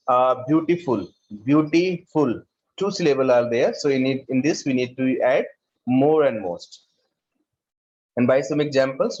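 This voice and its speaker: A male school teacher with an Indian English accent who talks slowly, repeats words and calls on students by name. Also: on the high side, a little mellow, dull audio, slight background noise. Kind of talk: online class lesson.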